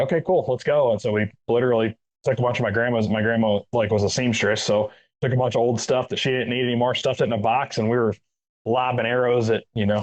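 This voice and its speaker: A man's voice: lowish voice, muffled recording. A man with a Texan accent telling a rambling story in casual chat, peppering it with dude and man. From Central Texas. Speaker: guest, retired Army master sergeant.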